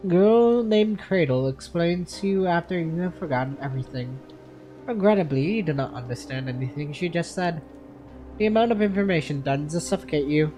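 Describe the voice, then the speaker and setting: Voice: mid-range voice, lively intonation, brisk, dark tone. A gaming content creator reading a game's story text aloud in second-person narration, often tripping over words and correcting themselves, with faint music behind. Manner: reads narration aloud with frequent stumbles and self-corrections.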